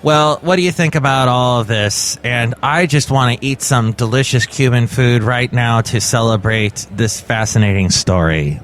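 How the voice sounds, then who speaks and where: A man hosting a podcast, riffing on the news in a jokey way with big swings in pitch. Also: moderate pace, few pauses, fairly bright tone. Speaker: podcast host. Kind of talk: comic news commentary.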